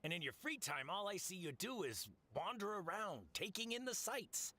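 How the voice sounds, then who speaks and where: Blunt, grumbling fruit seller for a game, bright and husky, pitch bouncing around. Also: male voice, sing-song, normal speed, full character voice. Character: gruff, fussy middle-aged fruit merchant.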